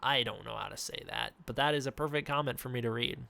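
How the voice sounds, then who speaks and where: A young man talks loosely on a home live stream, reading chat questions aloud between fillers. His voice sits at an ordinary pitch, close and dry on a desk mic. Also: fast, vocal fry, pushed and bright, no room sound. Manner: casual, reads chat questions, frequent fillers. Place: indoors at home. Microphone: desk mic with face cam.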